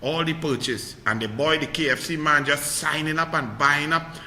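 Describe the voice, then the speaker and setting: Trini guy ranting about politics, fiery and sarcastic, high voice, super echoey room. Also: fairly even intonation, moderate pace, pushed and bright, slight background noise. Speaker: political commentator. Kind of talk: heated political commentary. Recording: echoey hall with long reverb.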